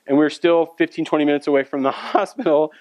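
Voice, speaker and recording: A pastor delivering a sermon in a loose, storytelling way, chatting with the congregation as he goes. His voice sits high for a man and sounds dry and close, with almost no room around it. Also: quick pace, a little mellow, no room sound. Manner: storytelling, conversational with audience asides.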